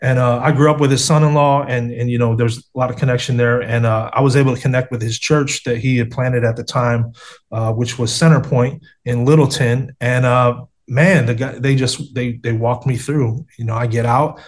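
A man's voice: mid-range voice, fairly even intonation, moderate pace. A man telling his faith story in an interview over a video call, earnest and street-casual, often saying "man" and "bro".

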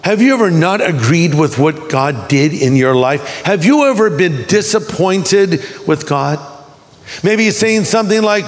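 A pastor with a notably high voice delivers a sermon, rising and dropping his pitch for emphasis and slowing down on key words. The sound carries the long reverb of a large hall. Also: big pitch swings. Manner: preaching with emphatic swings in pitch.

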